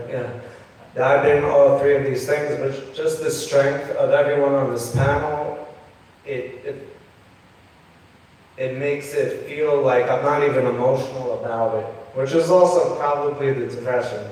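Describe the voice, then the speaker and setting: A man speaking on a discussion panel, soft, halting and hesitant. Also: mid-range voice. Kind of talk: candid panel talk. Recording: echoey hall, mic heard from a distance.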